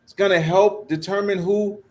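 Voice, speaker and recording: A man's voice: high-pitched, steady tone, moderate pace, darkish tone. A man co-hosting a comedy politics podcast, ranting in exasperation. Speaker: podcast co-host.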